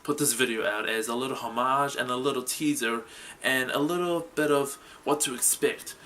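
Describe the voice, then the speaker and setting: Male solo host, middle pitch, loose rambling delivery full of "like" fillers. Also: moderate pace, pushed and bright, slight background noise. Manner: rambling, repeats phrases, many "like" fillers. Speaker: talk-show style host. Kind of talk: solo commentary vlog.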